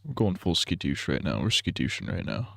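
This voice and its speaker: A man's voice: low-pitched, big pitch swings, a little fast, vocal fry, pushed and bright, no echo, studio quality. A young man rambling crude jokes on a casual gaming livestream. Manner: crude, rambling, giggly banter.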